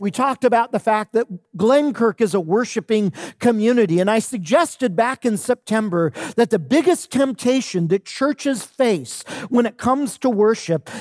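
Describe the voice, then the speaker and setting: A pastor preaching a sermon in church, speaking deliberately and letting the pitch fall low at the ends of phrases. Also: darkish tone, no echo, clean studio sound.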